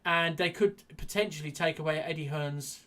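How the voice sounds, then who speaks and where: A man's voice: a little high, normal speed, a bit bright. A man co-hosting a casual boxing podcast, chatty and rambling, with lots of restarts. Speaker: podcast co-host.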